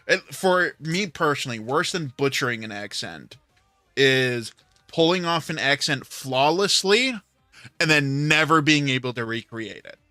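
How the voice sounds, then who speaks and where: A man's voice: on the high side, bright, forceful tone, no echo. A man hosting a livestream, telling a rambling story in casual chat with plenty of filler words. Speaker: livestream host.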